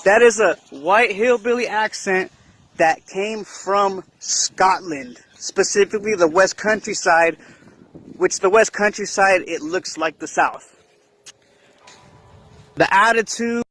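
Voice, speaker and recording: High-voiced man, slow casual explainer. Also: fairly bright tone. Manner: keeps asking "right?" while explaining. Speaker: video commentator.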